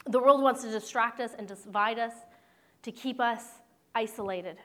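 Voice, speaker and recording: A woman's voice: a little high, moderate pace, fairly bright tone. A woman pastor preaching a sermon in an earnest, conversational way with playful asides.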